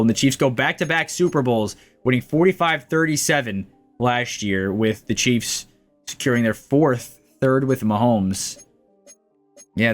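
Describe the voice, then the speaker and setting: A young man commentating his own football video game season, calling plays like a sportscaster. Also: medium pitch. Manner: excited play-by-play, rising to shouts at big plays. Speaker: gaming YouTuber. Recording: faint music behind the voice.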